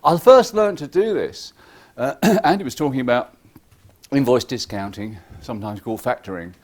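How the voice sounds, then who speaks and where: A man giving a lively, irreverent conference talk, joking with the audience and acting out what clients say. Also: medium pitch, moderate pace. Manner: acts out clients' lines in quoted voices. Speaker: conference speaker. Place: conference hall.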